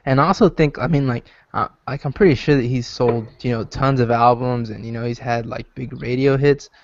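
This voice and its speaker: A man's voice: mid-range voice, fairly even intonation, a little fast, creaky, no echo, highs cut off. A young man co-hosting a podcast in casual chat, talking in a hesitant, rambling way with lots of fillers. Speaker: podcast co-host.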